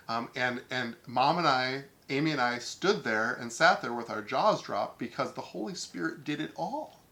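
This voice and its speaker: Podcast host, middle-aged man, bright voice, calm and reflective, unscripted. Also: mid-range voice. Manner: calm, thoughtful, frequent ums and restarts. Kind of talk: spontaneous personal reflection.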